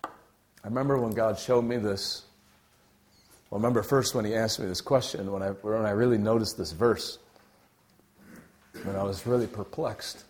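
A young adult man delivering a sermon with lively, shifting energy. He bursts out loudly on key points, then drops to a hushed, almost whispered tone. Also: lowish voice, normal speed, pauses often, slight background noise. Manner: animated, swings from loud exclaiming to quiet near-whisper. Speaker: preacher.

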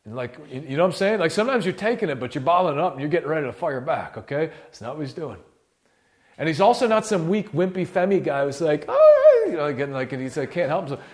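A man preaching a sermon in a casual, slangy way, dropping to hushed, low murmurs and rising to loud, impassioned peaks. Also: animated, fast.

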